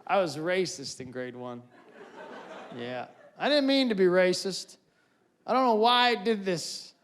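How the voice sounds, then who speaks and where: Male stand-up comedian with a high voice, lively and loud on the punchlines, live on a stage mic. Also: measured pace, a little hiss or hum. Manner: animated, shouts punchlines, mimics characters.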